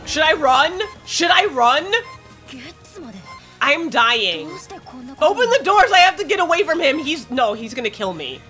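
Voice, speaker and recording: A woman giving excitable let's play commentary, swearing a lot and shrieking when panicked. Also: sits high, unhurried, soft background music. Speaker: gaming streamer.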